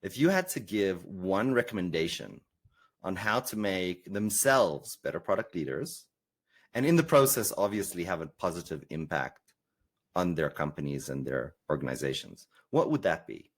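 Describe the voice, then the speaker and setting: South African male host, low and lively delivery, stumbling starts. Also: moderate pace. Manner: animated, repeats words when starting. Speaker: podcast host. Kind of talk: interview conversation.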